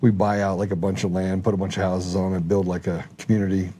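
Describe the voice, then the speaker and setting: A man chatting casually, telling stories with laughs and quick asides. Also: low voice, husky. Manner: laughing, animated storyteller. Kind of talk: casual chat, storytelling.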